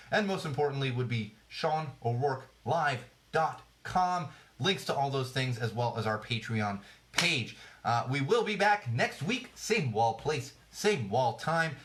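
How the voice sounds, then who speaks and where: A man's voice: mid-range voice, fairly bright tone. A man hosting a podcast on a live stream, chatting casually in a sarcastic, rambling, jokey way, tired late at night. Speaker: podcast host.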